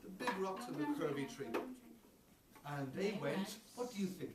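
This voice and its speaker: A man's voice: a little high, expressive, moderate pace. A man with an Irish accent telling a story to preschoolers in a playful, exclamatory way, asking them questions as he goes. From Ireland. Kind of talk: animated storytelling for children. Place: preschool classroom. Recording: roomy, far from the mic, noisy.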